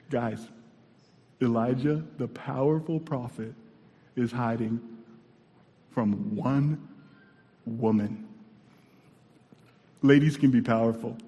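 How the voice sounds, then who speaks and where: Animated preacher man in a reverberant hall. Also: mid-range voice, slow pace, pauses often. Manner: animated, calls out to the congregation. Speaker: pastor. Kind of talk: preaching a sermon. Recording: long reverb in a church hall.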